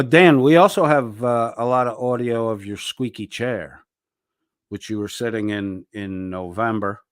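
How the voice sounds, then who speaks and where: A man's voice: on the low side, dry recording, studio quality. A man hosting a reaction commentary, ranting angrily and mocking with heavy swearing. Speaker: commentary channel host.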